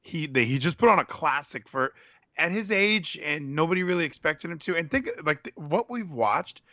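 A man's voice: a little high, lively intonation, moderate pace, sharp tone, dry recording. A man in a casual chat, candid and sentimental, rambling with many restarts. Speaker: podcast co-host.

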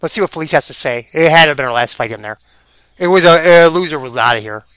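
A man giving casual, rambling reaction commentary as a vlogger, excitable and quick to laugh. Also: on the high side, smooth, no echo, low-quality recording.

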